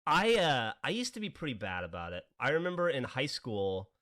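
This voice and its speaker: A man in his forties tells a rambling anecdote to his co-host, his voice rising and dropping through a lively, expressive range. He laughs, curses freely and acts out the other people in the story. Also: mid-range voice, a little fast. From American South. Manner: animated, laughing, swearing, acts out quoted people. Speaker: podcast co-host. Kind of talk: casual storytelling.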